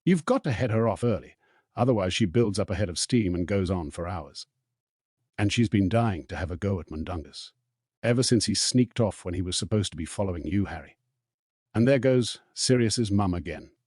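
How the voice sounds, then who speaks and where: A man's voice: deep voice, animated, normal speed, a little mellow, slightly rough, no echo, studio quality. A man voicing a chatty, knowing teenage boy. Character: joking teenage boy, the other twin.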